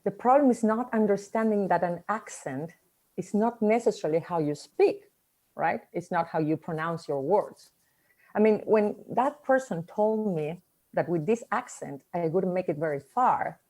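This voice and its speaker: A woman with a mellow, warm voice delivers a motivational talk in English, her second language. She tells her story reflectively and leaves pauses between her thoughts. Her voice sits at a middle pitch for a woman. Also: animated. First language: not English. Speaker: speaker giving a short talk.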